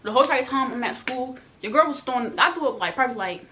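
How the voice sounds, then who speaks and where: A young woman telling her own story to viewers in a casual storytime vlog. She talks fast and chatty, full of slang, and addresses the audience directly. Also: high voice, lively intonation, bright, forceful tone, slight background noise.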